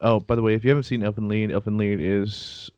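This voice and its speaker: A man's voice: on the low side, steady tone, fast, a little mellow, no echo, muffled recording. A man co-hosting a casual anime chat, talking in a chatty, defensive way and laughing easily. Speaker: podcast co-host.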